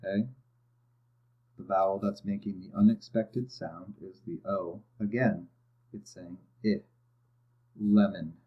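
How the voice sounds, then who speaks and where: Male teacher, low voice, walking students patiently through a phonics lesson; muffled, lo-fi recording. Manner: patient, step-by-step, checks in with "okay". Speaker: reading teacher. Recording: dull lo-fi audio.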